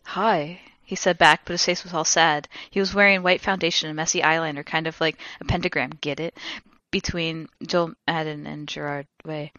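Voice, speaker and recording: Brief: expressive, giggly woman reading aloud for laughs, dry close sound. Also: sits low, brisk, no echo, dull audio. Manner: expressive and giggly, with sudden loud bursts of laughter. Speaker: podcast co-host. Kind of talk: comedic dramatic reading.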